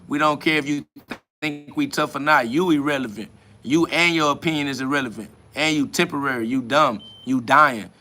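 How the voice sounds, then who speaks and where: Bright-voiced combative man ranting. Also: a little high, moderate pace. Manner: combative, mocking, profane. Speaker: podcast host answering comments. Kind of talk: profane spiritual rant.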